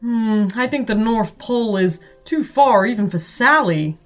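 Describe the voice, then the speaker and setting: Patient dad, measured and thoughtful; woman narrator plays him. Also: a little high, soft background music. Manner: thoughtful and calm.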